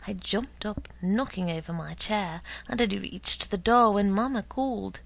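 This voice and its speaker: A woman narrating a story in a slow, hushed way, often dropping to a whisper. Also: mid-range voice, gravelly, rough recording.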